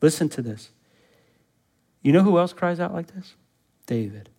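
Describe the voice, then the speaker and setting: A male pastor preaching in a church, with a voice sitting a little high for a man. He moves from measured teaching to rising, urgent exhortation. He keeps asking the congregation rhetorical questions. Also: expressive, a little mellow. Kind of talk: sermon.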